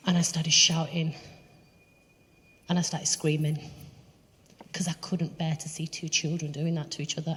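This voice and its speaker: Low-voiced woman speaker telling personal stories with lively acted-out voices, recorded live in a reverberant hall. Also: slight background noise. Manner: animated storyteller, acts out others' voices. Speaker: charity chief executive giving a talk. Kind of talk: personal talk to an audience. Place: event hall, walking around away from the podium.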